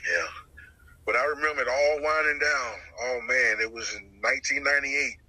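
A middle-aged man from North Carolina, telling his testimony in a lively way and acting out the voices he quotes. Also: medium pitch, moderate pace, slightly rough, dry recording, rough recording. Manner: lively storyteller who acts out the voices he quotes, repeats phrases. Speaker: guest sharing his testimony. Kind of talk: personal testimony storytelling.

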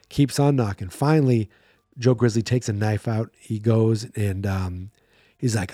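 A man hosting a podcast, casually recapping a film in a chatty, playful way and acting out bits of scenes in quick silly voices. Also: mid-range voice, dark tone, no echo, clean studio sound. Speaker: podcast host.

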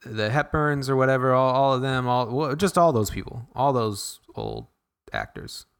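A man's voice: medium pitch, very animated, normal speed, vocal fry, smooth. A man co-hosting a podcast, rambling in casual chat, restarting sentences often. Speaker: podcast co-host.

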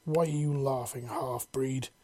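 A man voicing a massive, scarred male alien warrior judge, speaking with a gruff voice in cold, threatening pronouncements. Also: medium pitch, steady tone, measured pace, a little mellow, natural voice. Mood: angry.

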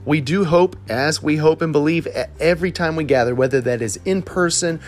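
A man with a Southern Alabama accent, the lead pastor, preaching a conversational sermon with animated, slang-filled examples. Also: a little high, a little fast.

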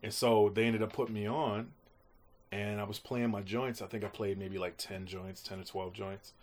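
A man with a lowish voice talks at a moderate pace as an interview guest, a music producer telling stories casually. His manner is animated and slangy, and he acts out quotes while swearing freely.

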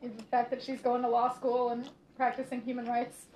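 A woman co-hosting a podcast, chatting casually and cracking deadpan jokes. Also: on the high side, a little fast. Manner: wry, deadpan jokey. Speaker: podcast co-host. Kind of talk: casual chat. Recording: echoey room with noise.

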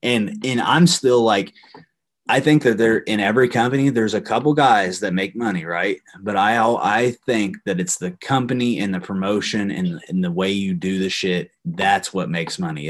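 A man's voice: lowish voice, moderate pace. A young adult man, a former wrestler, telling a heated story on a podcast with lots of swearing. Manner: profane, heated, swears often. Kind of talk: casual storytelling.

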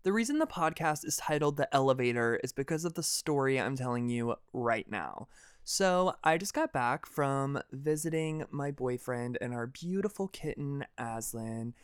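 Young man, podcast host, smooth voice, dry close sound, dramatic casual storytelling, swears a lot. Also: mid-range voice, normal speed, dry recording. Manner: dramatic, animated and expressive; swears freely.

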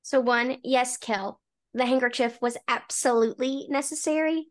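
A woman's voice: sits high, moderate pace. A young woman co-hosting a book podcast, chatty and emphatic, with lots of "like" fillers. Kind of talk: casual chat.

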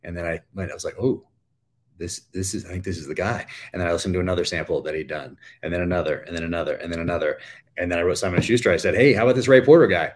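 A man's voice: deep voice, steady tone, very fast. A middle-aged man, an author guest on a casual podcast interview, telling stories in a rambling way with many fillers.

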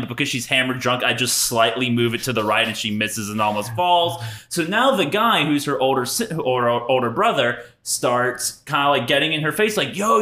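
Brash young man telling a story, bright voice. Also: fairly high pitch, echoey room. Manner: brash, laughing, acts out quoted voices. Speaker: podcast co-host. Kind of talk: casual storytelling chat.

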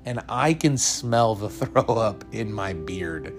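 A man's voice: fairly low pitch, animated, takes it slowly, soft background music. A young man hosting a podcast, telling a personal story earnestly and laughing now and then. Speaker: podcast host.

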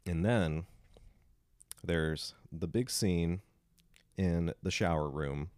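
A man with a very deep voice chatting through a movie recap. He breaks into loud, animated quotes of the lines. The sound is dry and close. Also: very slow, dry recording. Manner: retells scenes in animated bursts, quoting lines loudly. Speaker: podcast co-host. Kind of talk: casual film discussion.

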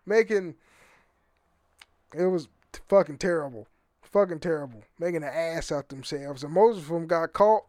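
High-voiced profane American man rambling. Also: no room sound, studio quality. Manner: rambling, profane, repeats words when restarting. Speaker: podcast host. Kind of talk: casual solo podcast monologue.

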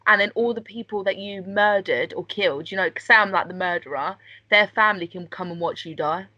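A woman's voice: mid-range voice, a little fast, pushed and bright. A woman co-hosting a podcast, chatting casually with friends, rambling and giggly, swearing now and then. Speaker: podcast co-host. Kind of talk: casual banter. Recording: dull lo-fi sound.

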